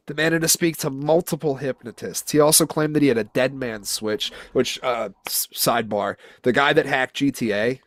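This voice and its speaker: A young man with a middle-pitched voice tells odd news stories in a loose, joking way, with plenty of swearing. The sound is dry and close, with no room in it. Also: normal speed, hardly any pauses, a bit bright, dry recording. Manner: profane, joking storyteller reading headlines aloud. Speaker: podcast co-host. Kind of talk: casual chat.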